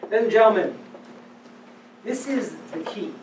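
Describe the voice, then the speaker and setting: A man teaching as a rabbi, giving a lecture on religious texts to a live audience. He speaks with animated emphasis, dropping to hushed tones and then rising to loud declarations. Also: high-pitched, moderate pace, slight background noise. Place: event hall with audience. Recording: roomy, distant live-event recording.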